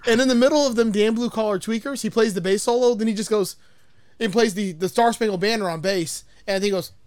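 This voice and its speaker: A man telling stories in casual chat, animated and laughing as he goes. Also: sits high, brisk, clear, resonant tone, no room sound, clean studio sound. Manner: animated storyteller, laughs often.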